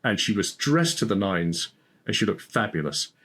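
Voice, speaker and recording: A podcast guest who works as a speaking coach tells stories in conversation, his mid-pitched voice lively at a moderate pace. He's animated and laughs often as he tells them.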